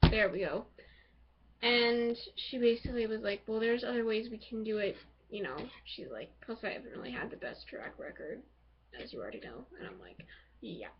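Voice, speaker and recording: A woman casually reviewing a TV episode, excitable and rambling as she gushes over the characters. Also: on the high side, normal speed, background noise. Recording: dull lo-fi home recording.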